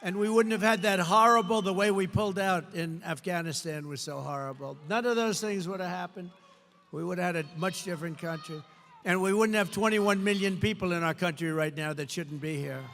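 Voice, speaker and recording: An older man giving an emphatic, repetitive campaign rally speech, sometimes shouting, recorded in a large indoor venue through a podium mic. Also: sits high, a little fast. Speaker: political candidate. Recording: long hall reverb, faint crowd ambience.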